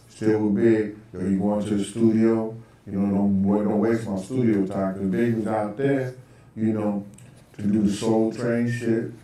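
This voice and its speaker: A middle-aged man casually telling a long personal anecdote, rambling with lots of "you know" and "um", and getting loud when he acts out other people. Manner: rambling, loose delivery with frequent "you know" and "um"; gets loud and high when acting out quoted people. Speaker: storyteller recounting personal anecdotes. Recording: roomy echo.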